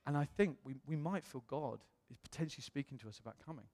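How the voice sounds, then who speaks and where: British male pastor, fairly high voice, lively storyteller, long hall reverb. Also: fast talker. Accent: British English. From England. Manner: animated, acts out quoted voices. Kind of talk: storytelling sermon.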